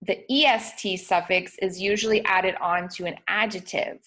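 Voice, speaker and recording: A woman's voice: mid-range voice, steady tone, normal speed, sharp tone. Patient woman explaining spelling rules. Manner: patient, with frequent ums and self-corrections. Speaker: teacher.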